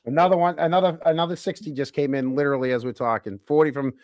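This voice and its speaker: A man's voice: fairly high pitch, fairly even intonation, fast talker, a little mellow, no echo, studio quality. A man hosting a podcast in casual joking chat, reading out messages from the chat. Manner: joking, reads chat donations aloud. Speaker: podcast host.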